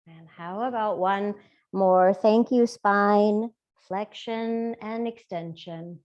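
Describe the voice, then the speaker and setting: A woman teaching a gentle yoga class, with soft, playful step-by-step cues. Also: mid-range voice, highs cut off. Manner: soft, slow, playful cueing.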